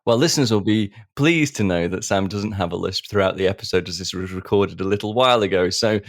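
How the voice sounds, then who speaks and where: A man's voice: low voice, quick pace, dry recording, clean studio sound. A man co-hosting a podcast, joking and laughing his way through casual banter. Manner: jokey, self-mocking, laughs often. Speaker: podcast co-host.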